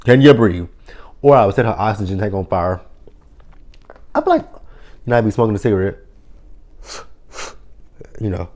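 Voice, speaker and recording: Profane, animated man recapping a TV episode. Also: lowish voice, moderate pace, pauses often. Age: 30s. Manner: animated, profane, acts out characters' lines. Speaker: TV episode reviewer. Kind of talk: casual recap vlog.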